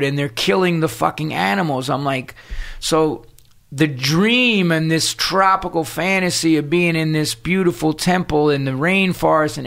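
A man's voice: fairly high pitch, creaky, a bit bright. A man, a guest telling a story in casual conversation, streetwise and full of cursing, acting out the people he quotes. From New York City.

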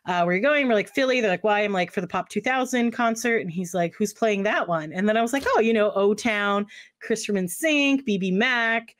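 A woman's voice: medium pitch, a little fast. A woman co-hosting a podcast, telling a travel story in casual chat and acting out the people she quotes. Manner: animated storyteller, acts out quotes in voices. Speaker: podcast co-host.

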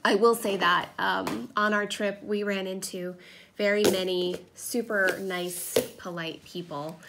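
During a crafting vlog at home, a woman in her thirties chats casually while she crafts, telling stories full of fillers. Her medium-pitched voice is steady, a little slow and creaky, picked up by a camera propped on a table with a noisy background.

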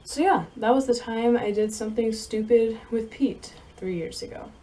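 A young woman vlogging, telling a story in a rambling, halting way with many fillers and soft laughs. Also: on the high side. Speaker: vlogger and horse rider. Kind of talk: casual storytelling to camera.

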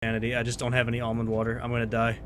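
A man's voice: mid-range voice, monotone, racing, noisy background. A young man playing a video game with friends, teasing and chatting casually. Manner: playful, teasing. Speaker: gamer. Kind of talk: casual gaming chat with friends.

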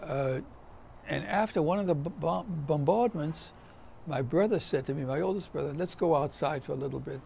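Older man, gravelly storytelling voice. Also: a little high, moderate pace, a little mellow, a little hiss or hum. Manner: vivid storyteller, acts out quoted voices. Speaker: Holocaust survivor giving testimony. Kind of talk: spoken testimony, storytelling.

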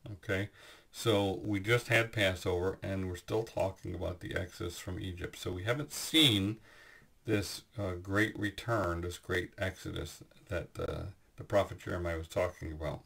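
A man giving a Bible teaching, explaining scripture in a measured way with frequent pauses and fillers. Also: low voice, creaky, a bit bright, husky.

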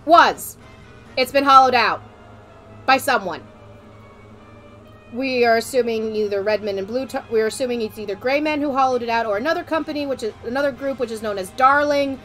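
A woman streamer chatting casually, excitable and rambling, often breaking into giggles. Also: a little high, a little fast, faint music behind. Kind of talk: casual chat.

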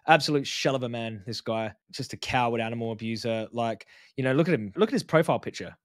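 A man's voice: medium pitch, brisk, dry recording, clean studio sound. A man giving casual reaction commentary as a vegan activist, blunt and mocking, often calling people "mate".

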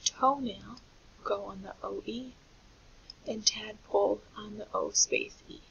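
A woman teacher walks young children through a phonics lesson in a patient, clear way. Her voice has a gravelly edge. The recording sounds dull and lo-fi, with a faint hiss underneath. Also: mid-range voice, fairly even intonation, measured pace, a bit bright.

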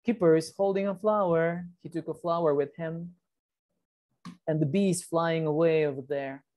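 A woman's voice: sits low, fairly even intonation, moderate pace, dark tone. A woman reading a picture book aloud to young children, chatty and stopping to point out the pictures. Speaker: reading teacher.

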